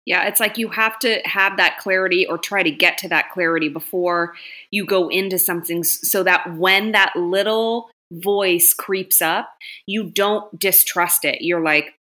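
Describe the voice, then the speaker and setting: Bright, firm woman speaking reflectively. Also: on the low side, a little slow. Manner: reflective, acts out inner voice. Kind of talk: casual podcast chat.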